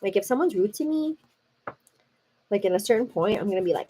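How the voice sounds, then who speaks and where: This young American livestream host keeps up a casual chat with viewers, saying "like" and "girl" all the time. She speaks at a medium pitch, animated and brisk, with long pauses and a mellow, slightly rough tone.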